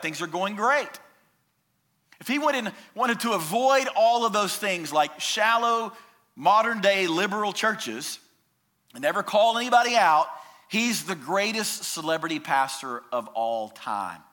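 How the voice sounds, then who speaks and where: A man preaching a sermon as a pastor, emphatic, swinging from loud declarations down to hushed, drawn-out words. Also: sits high, expressive.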